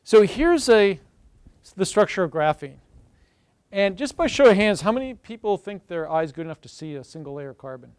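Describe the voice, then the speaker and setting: A middle-aged chemistry professor gives a university seminar lecture with real enthusiasm, addressing the audience directly and drifting into stories. His voice is high for a man, smooth and resonant, with a sing-song lilt at normal speed. The recording is close and dry, with little echo.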